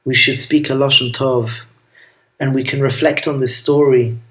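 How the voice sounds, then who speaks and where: Gentle rabbi with a roomy echo. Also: male voice, medium pitch, fairly even intonation, normal speed. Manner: gentle, affectionate, with Hebrew and Yiddish terms. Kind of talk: storytelling sermon.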